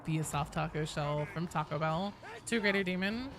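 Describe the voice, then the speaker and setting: A woman in her thirties streaming a game, chatting casually with viewers, joking and sometimes bursting into loud swearing. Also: deep voice, brisk, background noise. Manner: chatty and jokey, breaks into loud swearing outbursts. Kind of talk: casual live-stream chat answering viewers.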